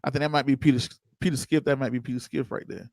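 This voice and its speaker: A man's voice: mid-range voice, fairly even intonation, fast talker, creaky, darkish tone, no echo. A man hosting an investing livestream, chatting loosely and answering viewers' comments by name. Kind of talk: casual livestream commentary reading chat.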